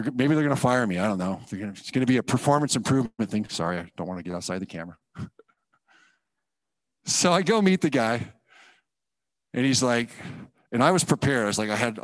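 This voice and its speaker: A man shares his testimony from a church stage, telling his story with animated, self-mocking energy. His voice sits at an ordinary middle pitch. The sound is dry and close. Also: no room sound. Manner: animated storyteller acting out his own quoted thoughts, self-deprecating. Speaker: guest speaker giving testimony. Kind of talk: personal testimony sermon.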